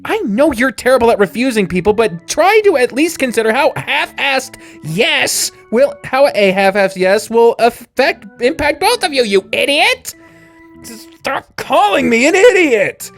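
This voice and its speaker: A woman voicing a fiery young woman who loudly scolds her friend in a visual novel reading. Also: sits high, sing-song, unhurried, faint music behind, voice pushed up, full character voice. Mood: scolding. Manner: loud, exasperated scolding.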